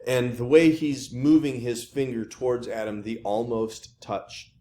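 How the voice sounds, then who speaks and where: A male art history professor lectures in a casual, chatty way. His voice sits at a middle pitch, and he often restarts and fills pauses as he goes. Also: fairly even intonation, warm tone. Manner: chatty, with many fillers and restarts.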